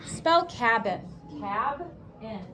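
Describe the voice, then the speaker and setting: A young woman with a high voice teaches spelling to a class, calling out words and drawing them out for emphasis, with quick upbeat asides in between. Her intonation is lively, pushed and bright, and faint classroom noise sits beneath her.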